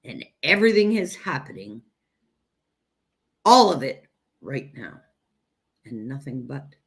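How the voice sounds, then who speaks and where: A woman teaching self-growth in a direct spiritual talk, speaking emphatically and deliberately and addressing listeners as "you guys". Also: very deep voice, big pitch swings.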